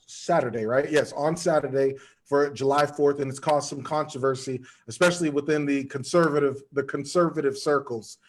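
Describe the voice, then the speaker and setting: A man hosting a podcast panel over a video call, joking and chatting casually while steering the talk. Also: fairly high pitch. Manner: playful, joking, affirming others often. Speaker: podcast host.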